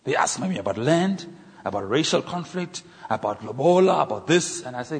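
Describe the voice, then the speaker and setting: A man preaching a sermon, telling stories and acting out conversations in an animated way. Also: medium pitch, husky. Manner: animated, acts out dialogue with pauses and exclamations. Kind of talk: sermon storytelling. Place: church. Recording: echoey church hall.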